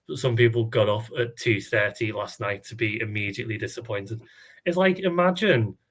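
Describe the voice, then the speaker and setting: A man co-hosting a casual fan podcast, talking in an animated way and laughing often. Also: medium pitch. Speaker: podcast co-host. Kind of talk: casual chat.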